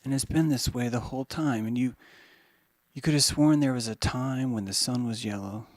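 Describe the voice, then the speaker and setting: A man hosting a podcast, rambling in a monologue that swings from hushed musing to mocking put-on voices, with some swearing. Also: mid-range voice, fairly even intonation, normal speed, dry recording. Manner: profane. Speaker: podcast host.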